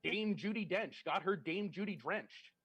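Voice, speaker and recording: A man's voice: sits high, lively intonation, measured pace, crowd noise. A man doing stand-up over a video call, telling a story in a chatty, self-deprecating way and laughing at his own lines. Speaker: stand-up comedian. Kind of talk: stand-up storytelling on a virtual show. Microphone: home setup on a video call.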